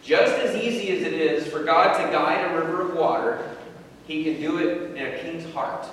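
A man's voice: a little high, moderate pace, fairly bright tone, recorded from a distance. A man giving an informal sermon, thinking aloud with repeated words and rhetorical questions. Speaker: preacher. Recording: very echoey hall, voice from afar, faint noise.

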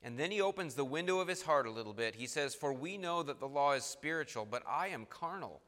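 Guy preaching a sermon, kinda high bright voice, goes loud then real quiet, long hall echo. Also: expressive, fairly quick, hardly any pauses. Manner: reads scripture aloud, swings from loud to soft.

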